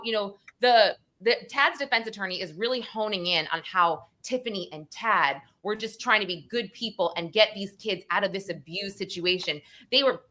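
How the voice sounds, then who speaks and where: Bright-voiced tearful woman recapping a trial. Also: a little high. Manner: tearful, animated, acts out courtroom quotes. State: crying, sniffly. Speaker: true crime show host. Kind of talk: emotional livestream case recap.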